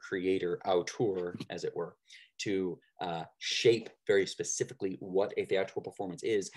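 Guy w a lowish voice teaching a theater class, chatty, lots of "right?" and "uh". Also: slightly rough. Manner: conversational, frequent "right?" and fillers. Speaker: lecturer. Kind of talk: recorded theater lecture.

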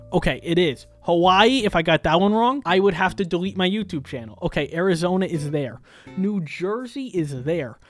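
A woman from New York giving excited gaming commentary, exclaiming often and talking straight to her viewers. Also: on the low side. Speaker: gaming creator.

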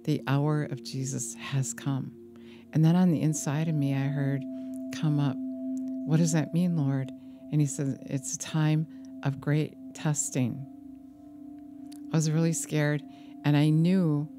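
A woman minister giving an earnest personal testimony sermon, slow and deliberate, with a warning tone. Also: rumbling low. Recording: music playing behind the voice.

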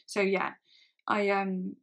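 A woman telling a personal story in a storytime vlog, speaking haltingly with frequent pauses and restarts. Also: mid-range voice, completely flat delivery, a bit bright. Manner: halting, hesitant speech with many restarts. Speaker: vlogger.

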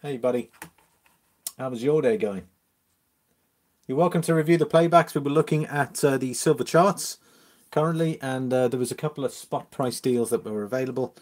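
A man's voice: medium pitch, normal speed, long pauses. A man hosting a casual live stream from home, reading viewer comments aloud, greeting people by name and chuckling between messages. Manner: chatty and relaxed, greets viewers and chuckles often. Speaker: livestream host.

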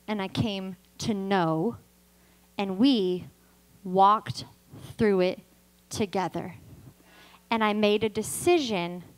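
A woman's voice: mid-range voice, rough recording. A woman in her thirties from California, a guest preacher giving a sermon and telling her own story, acting out the dialogue as she goes. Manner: lively storyteller who acts out dialogue. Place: church service.

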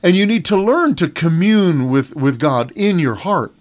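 A middle-aged man preaching a relaxed broadcast sermon, his voice sitting a little high for a man. He talks in a folksy, chatty way, repeating phrases and chuckling often. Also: a little slow. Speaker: pastor.

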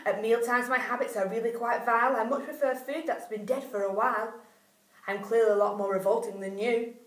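A woman's voice: fairly high pitch, steady tone, fairly quick, echoey room, recorded from a distance, lightly acted. A woman voicing a bald smelly vulture who boasts about being revolting. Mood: boastful.

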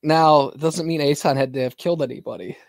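Guy player rambling earnestly, kinda high voice, dry close sound. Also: fast talker, vocal fry, no echo. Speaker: player, podcast co-host. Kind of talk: casual podcast chat.

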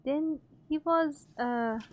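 A woman's voice: sits high, takes it slowly, highs cut off. Frightened young woman playing horror game. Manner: frightened, gasping, nervous laughter. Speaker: gamer streamer. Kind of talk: horror game let's play commentary.

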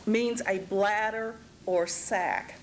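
A woman's voice: medium pitch, fairly even intonation, slow pace, slight background noise. A woman teaching an anatomy class, methodically spelling out word parts and repeating each term. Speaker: anatomy instructor. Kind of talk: classroom lecture.

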